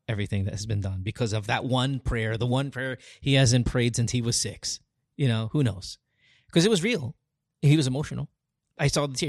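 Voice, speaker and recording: Podcast host, man, gravelly, dry close sound, earnest and rambling. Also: medium pitch, no room sound. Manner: rambling, restarts often, earnest. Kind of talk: casual heartfelt conversation.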